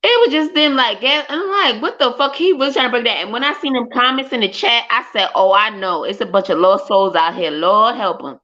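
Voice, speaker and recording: A woman with a fairly high voice hosts a livestream, talking briskly with few pauses. Her casual streamer chat is animated and profane, full of swearing, loud exclamations and laughs, heard through dull lo-fi stream audio.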